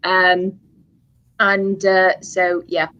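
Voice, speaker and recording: A woman's voice: on the low side, little pitch movement, drawn-out words, sharp tone, smooth, highs cut off. A British woman, a hypnotherapist guest, talking casually, chatty with frequent laughs and restarts. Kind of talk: casual chat.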